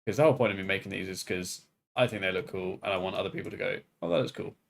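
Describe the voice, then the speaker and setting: Low-voiced man explaining casually. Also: rapid-fire, creaky. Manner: relaxed, explains with plain everyday words. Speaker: streamer and animator. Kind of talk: casual chat on a stream.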